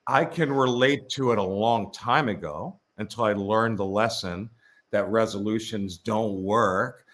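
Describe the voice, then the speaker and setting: A man's voice: fairly low pitch, a little slow, a bit bright. A man co-hosting a live show over a video call from his father's home, talking in a wry, rambling way. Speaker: co-host. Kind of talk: casual live-stream chat.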